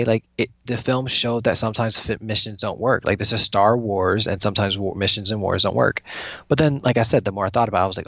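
A man with a fairly low voice talks through his opinions in a rambling way, often restarting his sentences. The recording is dry and slightly dull, as from a modest close mic. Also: brisk, a bit bright, dry recording. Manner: rambling, many restarts and fillers. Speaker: podcast co-host. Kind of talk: casual chat.

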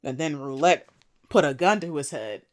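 A woman co-hosting a casual chat, retelling a TV episode with lively acted-out quotes and frequent laughter. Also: low voice, normal speed. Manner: animated storytelling, acting out quotes, laughs often. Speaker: podcast co-host recapping a TV episode.

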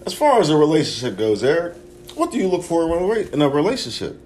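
A man's voice: fairly high pitch, very animated, fast, a little mellow. A man hosting a casual group podcast chat, telling stories with lots of swearing and laughter. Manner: profane, laughing storyteller. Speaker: podcast host.

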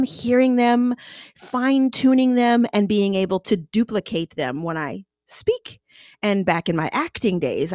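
A chatty American woman talking on her own podcast in a casual, playful way, now and then sliding into little accent impressions. Her voice sits at a middle pitch and sounds close and dry, with no room around it. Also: no echo. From United States. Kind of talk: casual solo monologue.

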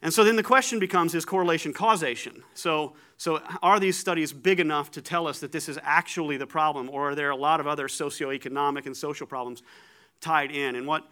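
Male preacher, conversational sermon, slightly high, bright forceful tone, self-deprecating humor. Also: brisk. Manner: animated, joking, self-deprecating; repeats words when starting thoughts.

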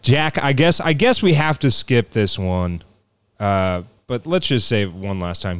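A man's voice: on the low side, a little slow, smooth, no room sound. A man hosting a casual podcast quiz about sportscaster catchphrases, swearing and laughing as he talks. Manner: swearing, laughing, playful, lively, does sportscaster impressions. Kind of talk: casual chat.

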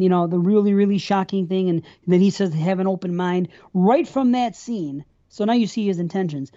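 Woman, co-host, mellow dark tone, swears a lot, rambles through scene recaps, slightly muffled recording. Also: mid-range voice. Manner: profane, rambling, retells scenes at length. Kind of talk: casual film discussion.

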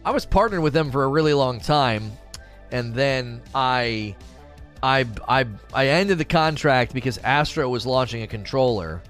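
A man's voice: mid-range voice, lively intonation, measured pace, a bit bright, soft background music. A man livestreaming in casual chat, teasing and bantering with his viewers as he reads their comments.

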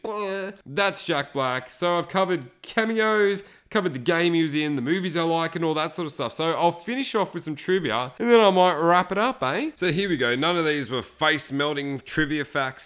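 A man's voice: fairly high pitch, a bit bright. Rambling, foul-mouthed male podcast host. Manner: rambling, swears often, acts out scenes in quick impressions. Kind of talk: casual solo podcast chat.

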